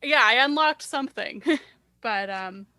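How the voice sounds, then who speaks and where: A woman's voice: on the high side, expressive, measured pace, sharp tone, no echo. A woman co-hosting a podcast, chatting casually and hedging with frequent restarts. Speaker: podcast co-host. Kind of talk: casual chat.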